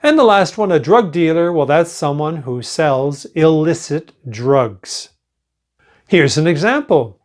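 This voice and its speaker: Slow, lively older male English teacher. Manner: slow and clearly enunciated, with lively pitch. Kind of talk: slow pronunciation lesson.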